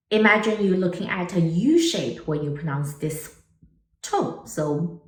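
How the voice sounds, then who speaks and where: Lively woman teaching Mandarin tones. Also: on the low side, unhurried, echoey room, far from the mic. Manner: animated, exaggerated tone demonstrations. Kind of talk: online language lesson.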